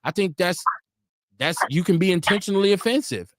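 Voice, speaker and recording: A man's voice: high-pitched, brisk, dry recording, clean studio sound. A man co-hosting a live talk stream, arguing his point hard and acting out quotes as he goes. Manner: animated, argumentative, acts out quotes. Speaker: podcast co-host. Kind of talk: heated casual debate. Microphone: remote stream.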